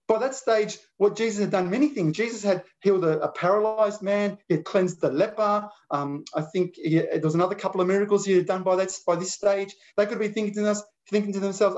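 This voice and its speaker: A man's voice: high-pitched, fast, a little mellow. A man preaching a sermon in an earnest, conversational way, often restarting his phrases.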